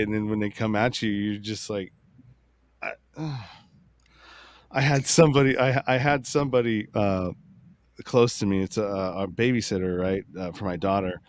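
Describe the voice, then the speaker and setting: A man's voice: fairly low pitch, clear, resonant tone. A man hosting a casual political podcast chat, rambling with many restarts and retelling arguments. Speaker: podcast host.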